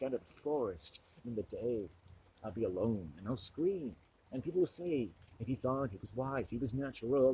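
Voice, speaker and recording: A man's voice: mid-range voice, mellow, slight background noise, poor audio. Rambling, self-mocking man outdoors. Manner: rambling, self-mocking, laughing between thoughts. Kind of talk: rambling comedic monologue. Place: outdoors in a forest.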